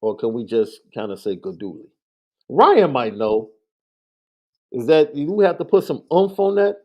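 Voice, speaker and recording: Lively-voiced man co-hosting sports talk. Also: mid-range voice, normal speed, lo-fi sound. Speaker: podcast co-host. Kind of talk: casual sports chat.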